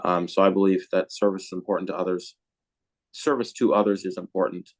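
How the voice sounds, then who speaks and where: A man's voice: low voice, level tone, a little fast. A man on a podcast, talking casually and rambling, with many fillers and restarts as he answers questions. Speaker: podcast co-host being interviewed.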